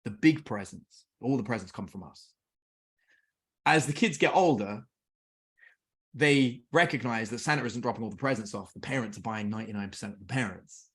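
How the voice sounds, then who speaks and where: English man telling lively family stories. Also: mid-range voice, normal speed. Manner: lively anecdotes, acts out family dialogue. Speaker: podcast guest. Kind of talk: casual storytelling.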